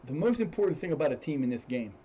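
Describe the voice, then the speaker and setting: Streaming a football management game, this man gives casual commentary as he plays, rambling, often restarting sentences and cursing when things go wrong. His fairly high voice swings widely in pitch, and he talks fast; the tone is mellow and husky, and the sound is lo-fi.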